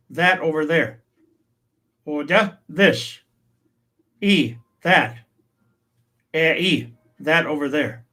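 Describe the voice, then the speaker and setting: A man leads a language lesson at an unhurried pace. He says each word, then explains what it means, and now and then adds a small joke. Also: on the high side, a bit bright. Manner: says each native word then its English meaning, with light humor. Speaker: language teacher.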